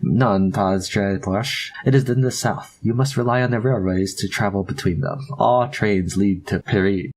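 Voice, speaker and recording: A kindly young French maid in a storybook game, as a man puts her on in a gentle, put-on French accent. The voice sits low and a little husky. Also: moderate pace, hardly any pauses.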